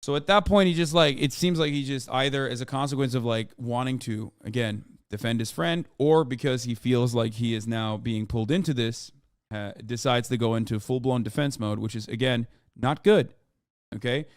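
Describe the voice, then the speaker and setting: A man's voice: medium pitch, steady tone, a little fast, clear, resonant tone, no room sound, clean studio sound. A male streamer reading text messages aloud and commenting on them, stressing his points emphatically.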